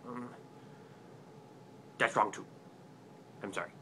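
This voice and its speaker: A man's voice: fairly low pitch, takes it slowly, bright, forceful tone, a little hiss or hum. A man playing a clueless, forgetful book-review host who rambles eagerly in a comic web sketch. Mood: earnest muddle.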